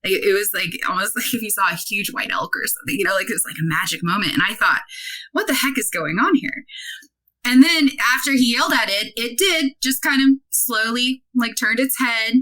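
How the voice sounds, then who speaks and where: Guest in her 30s, a woman with a fairly high, sharp voice, chatty and animated, acts out dialogue. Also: fairly quick, poor audio. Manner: animated, many "like" fillers, acts out quoted dialogue. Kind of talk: casual interview storytelling.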